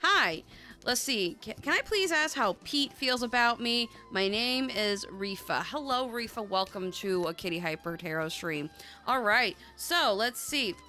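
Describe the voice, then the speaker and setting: A woman with a bright, forward voice hosts a tarot livestream in casual chat. She is bubbly and loose-tongued, with casual swearing throughout. Faint music plays behind her. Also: on the high side, expressive, a little slow. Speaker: tarot reader and livestream host.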